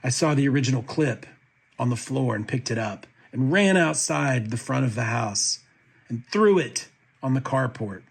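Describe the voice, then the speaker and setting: A man reading a court petition aloud as a commentator, with a steady, even delivery. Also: medium pitch, moderate pace, vocal fry, slightly rough.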